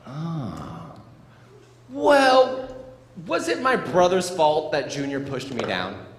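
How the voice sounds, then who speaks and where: A man's voice: fairly high pitch, wildly swooping pitch, slow pace. A man giving a playful motivational talk to schoolchildren, acting out little scenes. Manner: playful, acts out scenes for children. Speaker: motivational speaker. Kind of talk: animated school assembly talk. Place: school gym or auditorium. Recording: echoey hall, faint crowd noise.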